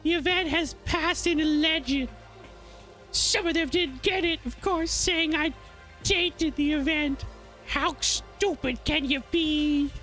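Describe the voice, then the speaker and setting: A streamer voicing a boastful, pompous teenage fan-comic creator in a visual novel, speaking in a grand, drawn-out way during a live stream. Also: high voice, sharp tone, soft background music, voice pushed up, full character voice. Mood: grandiose. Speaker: VTuber streamer.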